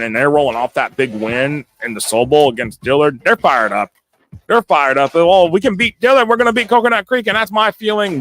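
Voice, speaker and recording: An excitable male host of a live sports talk stream, with a slightly higher voice for a man. He stammers and repeats words, laughs often and chats back to his viewers. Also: no room sound.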